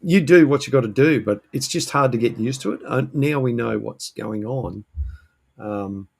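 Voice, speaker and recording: A man's voice: medium pitch, moderate pace, creaky, slightly rough. A man hosting a casual live-stream chat from his shed, hesitant and full of ums and restarts. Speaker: host. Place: home shed.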